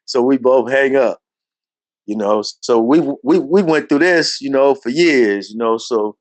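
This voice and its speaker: Animated storytelling man, dry sound. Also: measured pace, no echo. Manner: animated, acts out quoted voices in a higher pitch. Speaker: interview guest telling his life story. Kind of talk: casual storytelling.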